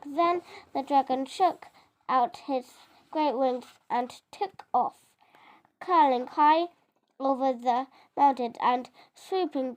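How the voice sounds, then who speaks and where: A child reading a picture book aloud, halting and often stumbling over words and correcting itself. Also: sits high, darkish tone. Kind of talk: storybook reading.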